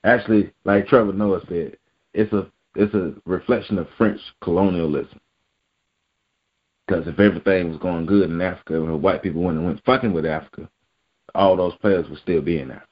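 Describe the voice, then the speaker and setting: A man's voice: low-pitched, fairly quick, dull audio. A man reading a news article aloud and breaking in with blunt, profane asides as a vlog commentator. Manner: blunt, profane, emphatic asides between read-out passages. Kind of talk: reacting to a news article on camera.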